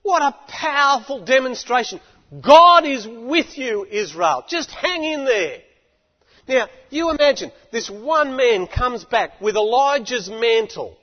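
A man preaching a sermon in an animated, emphatic way, building up to shouts. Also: extremely high pitch, measured pace. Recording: echoey hall, dull lo-fi.

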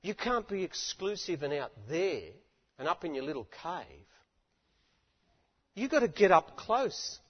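A man's voice: sits high, sing-song, measured pace, pauses often, breathy edge. A man delivering an impassioned sermon from a stage microphone, with repeated rhetorical appeals to his listeners. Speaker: preacher. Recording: dull lo-fi recording with long hall reverb.

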